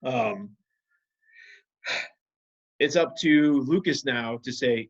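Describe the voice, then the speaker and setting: A man teaching a video lesson to children, patiently walking them through calming techniques with guiding questions. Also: medium pitch, slow pace, long pauses, breathy edge, lo-fi sound.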